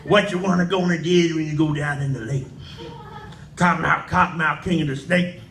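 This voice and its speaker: A man's voice: fairly high pitch, fairly even intonation, moderate pace, fairly bright tone, far from the mic, slight background noise. A man giving a live poetry reading in folksy dialect. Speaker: poet. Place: indoor event room. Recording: echoey room, faint ambience.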